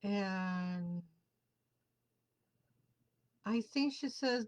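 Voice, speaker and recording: A woman's voice: a little high, a little slow, pauses often, poor audio. A woman whose first language is Spanish, hosting a live tarot show in casual chat, greeting viewers by name and dropping Spanish words into her English.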